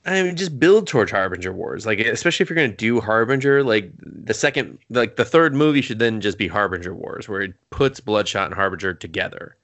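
A young adult man co-hosting a casual movie talk, loose and profane with quick asides. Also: lowish voice, a bit bright, no room sound. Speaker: podcast co-host. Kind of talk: casual chat.

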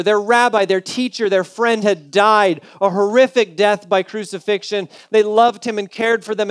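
A man's voice: high voice, smooth, no echo. A male pastor preaching a sermon in a conversational, humorous storytelling way.

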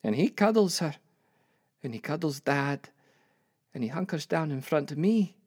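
A woman's voice: low-pitched, expressive, normal speed, darkish tone, slightly rough, dry recording, clean studio sound. An older woman telling her life story as a reflective dramatic monologue with wry asides. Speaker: narrator.

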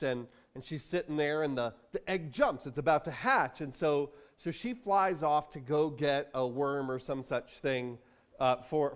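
A man in his thirties preaching a sermon, animated, acting out storybook voices as he tells it. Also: on the high side, clean tone. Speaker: pastor.

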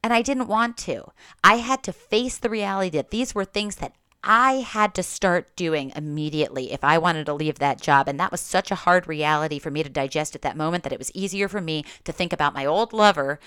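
Low-voiced woman telling a candid story. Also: fairly bright tone, smooth, no room sound, clean studio sound. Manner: candid, swears casually, frequent "like" and restarts. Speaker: podcast host. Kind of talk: confessional personal storytelling.

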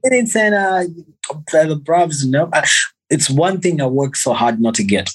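A man from Zimbabwe, a musician guest, chatting in a relaxed, animated way on a podcast and laughing often. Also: fairly high pitch, measured pace, slightly rough, poor audio. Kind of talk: casual podcast chat.

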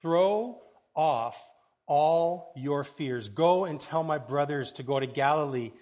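A male preacher voicing Jesus, joyful and eager, speaking in emphatic, drawn-out words. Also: fairly high pitch, natural voice. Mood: commanding. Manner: emphatic, drawn-out commands, then excited chatter.

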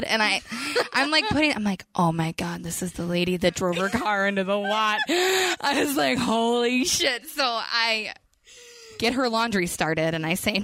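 A young woman from Western New York co-hosting a podcast, telling stories casually and quickly, acting out quotes and swearing freely. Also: fairly high pitch, lively intonation, a bit bright. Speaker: podcast co-host. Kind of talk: casual storytelling chat.

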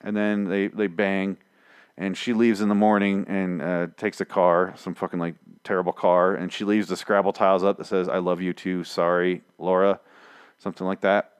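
A man's voice: sits low, flat delivery, normal speed, clean tone, dry recording. A young man giving a casual spoken show recap, rambling and profane, full of restarts.

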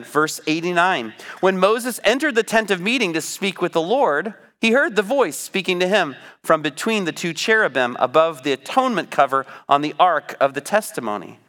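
A man preaching a sermon, teaching from the Bible in an animated, conversational way. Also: sits high.

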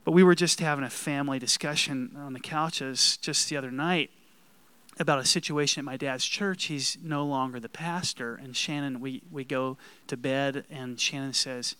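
A pastor preaching a conversational sermon, building emphasis on key lines and laughing at himself now and then. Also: male voice, mid-range voice, fairly even intonation, normal speed, pushed and bright, clean tone, no room sound.

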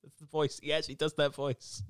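A man's voice: on the high side, flat delivery, fairly quick, clear, resonant tone, dry recording. A man co-hosting a podcast in dry, understated casual chat. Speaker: podcast co-host.

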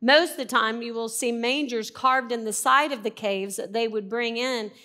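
A woman reading a Bible passage aloud and then explaining it in a conversational teaching style, stressing key words and now and then clearing her throat. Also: on the high side, moderate pace, pushed and bright.

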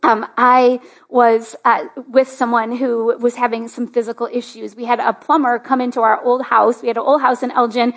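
A woman pastor speaks to her church in a chatty sermon. Her voice sits high, and she fills her story with "like". She often lifts into eager excitement. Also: normal speed. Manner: chatty, lots of "like", rising to excited. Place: church sanctuary.

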